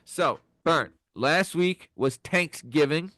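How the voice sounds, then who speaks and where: A man hosting a podcast in casual, joking banter, excitable and freely profane. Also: fairly high pitch, slow, no room sound. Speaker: podcast host.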